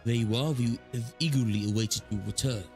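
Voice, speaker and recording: A man's voice: medium pitch, fairly quick, darkish tone, soft background music, natural voice. A man voicing a composed woman fleet admiral while reading game dialogue aloud in a lightly acted voice. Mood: formal.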